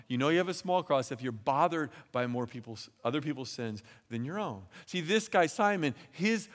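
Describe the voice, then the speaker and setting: A man preaching a sermon in a chatty way, often repeating words and acting out the voices of people he quotes. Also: fairly high pitch. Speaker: pastor. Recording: long hall reverb.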